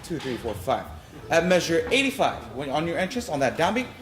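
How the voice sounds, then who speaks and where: A man's voice: a little high, sing-song, a little fast, fairly bright tone, a little hiss or hum. A man conducting an orchestra rehearsal, giving notes and singing rhythms aloud to show the phrasing. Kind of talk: rehearsal instruction. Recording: roomy hall sound, faint music.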